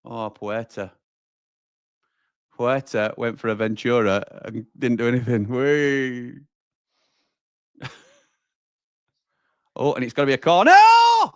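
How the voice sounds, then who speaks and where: A man's voice: medium pitch, a little slow, long pauses, dry recording, clean studio sound. A man hosting a live football watch-along, reacting to the match and reading viewer comments while calling them pal and mate. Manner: chatty, reacts loudly to chances, addresses viewers as pal and mate.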